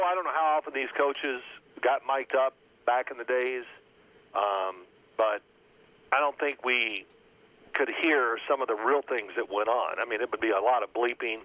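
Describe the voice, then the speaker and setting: A man in his sixties, a former quarterback, telling lively football anecdotes and acting out his old coach's yelling. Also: medium pitch, normal speed. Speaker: former NFL quarterback guest. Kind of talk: storytelling phone interview. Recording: tinny phone line.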